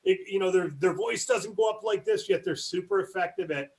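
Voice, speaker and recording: A man's voice: high-pitched, moderate pace. A man hosting a sales training call, encouraging and praising his teammates. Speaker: sales team leader running a training call.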